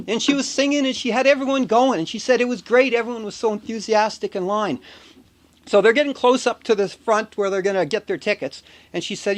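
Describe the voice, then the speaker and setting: A man vlogging in a casual, chatty way, telling an anecdote with chuckles. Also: sits high. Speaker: video blogger. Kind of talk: casual chat.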